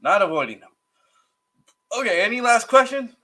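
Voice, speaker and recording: A man hosting a casual livestream while eating hot sauces, his mouth burning and eyes teary, gasping, sighing and groaning between slow remarks. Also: very high voice, sing-song, pushed and bright. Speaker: livestream host.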